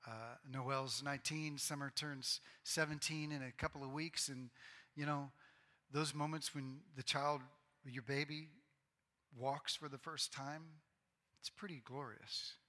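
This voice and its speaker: A pastor in his forties preaching a sermon to his congregation, earnest and bursting into loud, excited outbursts. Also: mid-range voice, unhurried. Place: church sanctuary. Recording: long reverb of a large hall.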